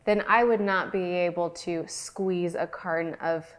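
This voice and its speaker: Woman, young adult, slow unhurried pace, casual review chat, mouth full while talking. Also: on the low side, fairly even intonation. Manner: slow, thoughtful, chatty, talks with her mouth full. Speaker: ice cream maker reviewing store-bought ice cream. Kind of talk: casual product review vlog.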